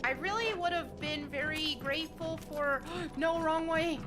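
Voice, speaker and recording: A woman's voice: high-pitched, unhurried, music in the background. A woman streaming a horror game, chatting casually and getting exasperated with the game as she talks to her chat. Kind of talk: casual let's-play commentary.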